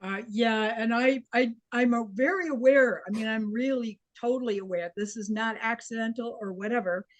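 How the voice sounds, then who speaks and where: A woman taking part in a coaching session, speaking haltingly as she searches for words. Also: fairly high pitch. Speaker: coaching client.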